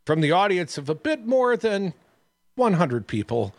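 A man's voice: sits high, sing-song, a little slow, no room sound. A man hosting a radio show, reading news stories and cutting in with sarcastic asides. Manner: sarcastic, wisecracking. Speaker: radio host.

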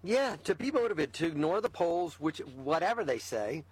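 A man talking as a guest in a casual political chat, emphatic and fired up, with quick asides. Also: a little high, sing-song, slightly rough.

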